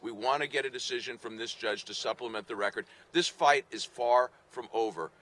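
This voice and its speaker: A man's voice: mid-range voice, fairly quick, fairly bright tone. Firm, oratorical man at a podium. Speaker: state attorney general. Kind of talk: formal rally speech. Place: outdoors outside a courthouse.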